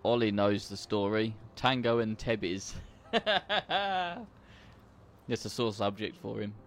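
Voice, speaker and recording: A man's voice: on the low side, takes it slowly, slight background noise. A young man chatting while playing a farming game, joking and laughing through stories of his own accidents. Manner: jokey, laughing anecdotes. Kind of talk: casual gaming chat.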